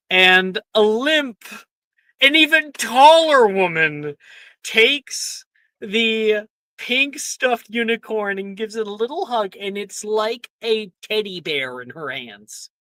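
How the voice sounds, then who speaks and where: Slow, hesitant game master narrating. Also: medium pitch, expressive, bright, forceful tone, dry recording. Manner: hesitant, many fillers.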